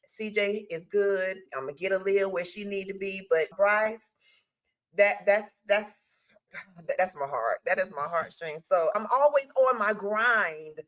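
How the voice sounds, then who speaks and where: A woman in her forties co-hosts a podcast in a heartfelt, casual way. Her voice sits low, and she laughs often while she opens up about her family. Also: a bit bright. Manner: emotional, laughs a lot. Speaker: podcast co-host. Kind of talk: casual chat.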